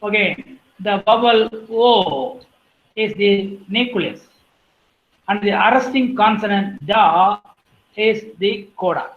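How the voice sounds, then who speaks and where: Female lecturer, measured and unhurried, reading out terms; roomy, muffled recording. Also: mid-range voice. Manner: deliberate, lists terms one by one, clears throat now and then. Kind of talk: academic lecture on phonetics.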